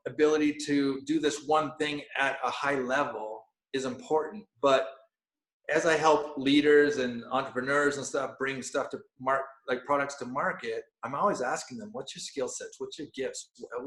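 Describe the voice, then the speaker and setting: A man guest on a podcast, telling a personal story with animated energy and frequent laughs, dropping to hushed tones for quoted lines. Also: medium pitch, moderate pace. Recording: roomy echo.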